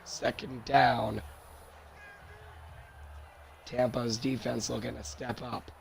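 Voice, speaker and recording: A hoarse young man doing play-by-play commentary of a football game, his worn-out voice jumping high on big plays. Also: little pitch movement, slow pace, a little hiss or hum. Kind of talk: solo sports commentary over a video game.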